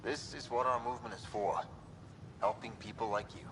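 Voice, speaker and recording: A man's voice: medium pitch, fairly even intonation, normal speed, crowd noise, natural voice. An actor playing an earnest, reassuring male hacker from an underground movement in a video game. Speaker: game character. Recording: audible background noise.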